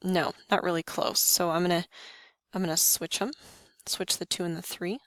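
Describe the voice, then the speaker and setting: A woman teaching a math lesson, talking students through each step with quick questions to the class. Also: lowish voice, flat delivery, a bit bright, no room sound. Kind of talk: lesson walkthrough.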